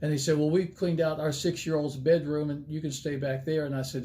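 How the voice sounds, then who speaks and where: A man's voice: fairly high pitch, little pitch movement, brisk, warm tone. An older man, an evangelist, telling a folksy story in a sermon and acting out the dialogue with animation.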